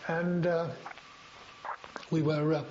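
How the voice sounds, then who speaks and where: Slow and flat in delivery, with a slightly high voice, an older veteran recounts memories for an oral history interview. He rambles, using frequent fillers and restarts, on a dull lo-fi recording with a faint hiss.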